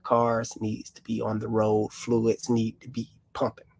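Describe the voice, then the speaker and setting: A man's voice: fairly low pitch, completely flat delivery, unhurried, darkish tone. A man, a mechanic co-hosting a casual live car Q&A, who explains at length in a folksy way. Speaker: mechanic, co-host.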